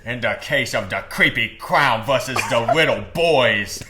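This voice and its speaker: A man's voice: mid-range voice, measured pace, over loud music, close to an everyday voice. A young man voicing a pompous male judge in a nasal Discord moderator voice, making mock-solemn, overblown pronouncements.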